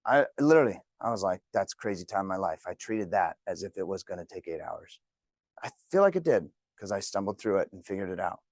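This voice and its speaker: A man's voice: low voice, very animated, fairly quick, darkish tone, dry recording, clean studio sound. A man teaching a real estate class, telling joking stories to the room. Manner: jokey, storytelling. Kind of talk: classroom talk.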